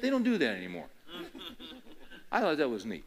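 A man's voice: medium pitch, wildly swooping pitch, fairly quick, a little hiss or hum. An older man preaching a conversational sermon, telling rambling folksy stories and building to emphatic, repeated questions. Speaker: pastor.

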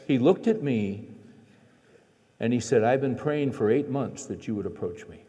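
A man's voice: mid-range voice, big pitch swings, normal speed, noisy background. Folksy man preaching in a reverberant hall. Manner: conversational, folksy storytelling with quoted dialogue. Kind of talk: storytelling sermon. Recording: long reverb of a large hall.

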